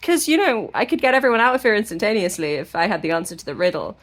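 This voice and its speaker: A woman's voice: medium pitch, animated, fast, lightly acted. Woman doing a pushy young heroine. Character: determined young human woman prisoner.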